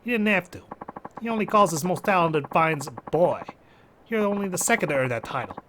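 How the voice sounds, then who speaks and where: A man's voice: sits high, expressive, a little fast, a bit bright, a little hiss or hum, voice pushed up. Man putting on a Jersey-accented mob enforcer. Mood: smug, threatening. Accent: put-on New Jersey. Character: menacing male mob enforcer, smug and pushy. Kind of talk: amateur quote reading of game dialogue.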